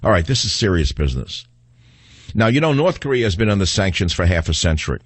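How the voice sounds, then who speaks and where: Combative talk radio host, dry studio sound. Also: male voice, sits low, very animated, quick pace, no echo. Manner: combative, ranting, scornful. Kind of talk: political talk radio monologue and call-in.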